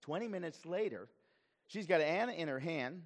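A male pastor preaching a sermon in an animated way, often repeating words as he goes. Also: fairly high pitch, normal speed, big-room sound.

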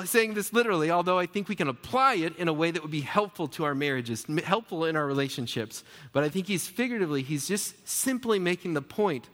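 A pastor delivers a sermon in a conversational way, firing off rhetorical questions and restarting sentences as he goes. His voice sits a little high for a man. The sound rings with the long reverb of a big church hall. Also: lively intonation, a little fast, few pauses, fairly bright tone.

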